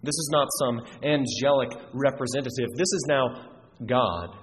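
A man's voice: medium pitch, normal speed. A man preaching a sermon, earnest and emphatic, often restarting his phrases. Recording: reverberant hall, faint noise.

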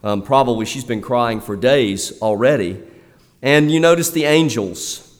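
A man's voice: medium pitch, unhurried. A male pastor preaching a sermon in a conversational way, often restarting with fillers. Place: church. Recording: long reverb of a church hall.

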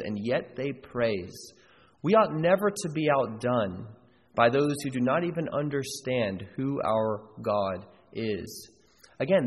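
A man's voice: on the high side, breathy edge, in a large hall, low-quality recording. A man preaching a sermon as a pastor, earnest and emphatic, repeating key phrases for weight. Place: church sanctuary.

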